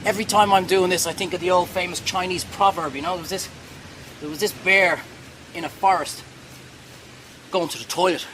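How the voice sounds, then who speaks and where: A man's voice: high-pitched, fairly even intonation, fairly quick, pauses often, a bit bright, slight background noise, low-quality recording. A man hosting a cooking show, talking viewers through a hands-on demonstration in a chatty, reassuring way that wanders off topic.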